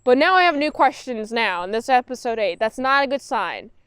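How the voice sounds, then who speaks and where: A woman giving a blunt, sarcastic spoken review of a TV show, acting out characters in quick quoted voices. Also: fairly high pitch, lively intonation, fairly bright tone, clean tone, dry recording.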